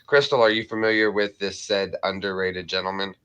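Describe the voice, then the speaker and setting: A man's voice: deep voice, level tone, brisk, fairly bright tone, clear, resonant tone, dull audio. A man hosting a live stream, upbeat and jokey, greeting viewers and reading out their messages. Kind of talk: casual live-stream chat.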